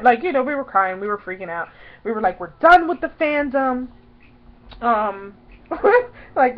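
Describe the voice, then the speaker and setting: Young woman vlogger, twenties, higher voice, chatty storyteller, dull lo-fi home audio. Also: expressive, moderate pace. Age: 20s. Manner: chatty, fills talk with "like", acts out her own past lines loudly. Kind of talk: casual storytelling vlog.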